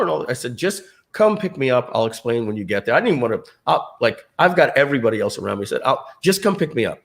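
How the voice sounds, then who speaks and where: A man's voice: mid-range voice, big pitch swings, fast talker, creaky, hardly any pauses. A middle-aged man telling a personal story to an audience, acting out what other people said in their own voices. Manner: acts out other people's lines in quoted voices.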